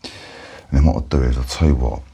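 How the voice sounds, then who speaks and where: Cockney man, whispered role-play barber, very deep, gravelly, husky, soft and matey. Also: steady tone, quick pace. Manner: soft-spoken, chatty, matey. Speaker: barber in ASMR roleplay.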